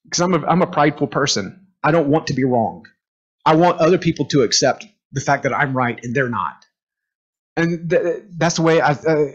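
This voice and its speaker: A man leading a group class in a conversational lecture, animated, asking the room questions and acting out quotes. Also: on the high side, husky. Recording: dull lo-fi room recording.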